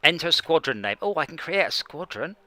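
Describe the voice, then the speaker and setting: A man's voice: fairly high pitch, big pitch swings, fairly quick, bright, forceful tone. A man streaming a space game, chatting casually and mocking himself as he plays. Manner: rambling, self-mocking, talks to himself while playing. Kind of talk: casual gaming chat.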